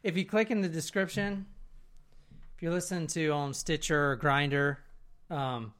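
A man's voice: fairly high pitch, steady tone, fairly bright tone, clear, resonant tone. A man telling the story on a casual podcast, joking and teasing his co-hosts. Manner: joking, teasing, quick to protest. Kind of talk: casual chat.

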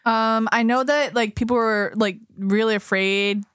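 A woman's voice: a little high, fairly even intonation, a little slow, a bit bright, smooth, dry recording, clean studio sound. A woman co-hosting a podcast, giggly and playful in casual banter. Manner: giggly, self-described obnoxious. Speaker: podcast co-host.

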